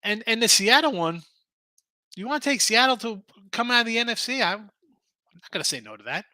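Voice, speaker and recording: A man's voice: very high voice, lively intonation, brisk, bright, forceful tone, no echo. A man hosting a casual sports betting show, arguing picks animatedly and reading chat comments aloud.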